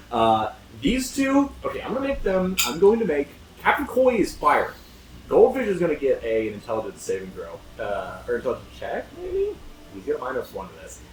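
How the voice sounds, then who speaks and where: A man running a tabletop game as game master, talking casually, swearing and laughing often. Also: medium pitch. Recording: roomy echo, distant mic, faint noise.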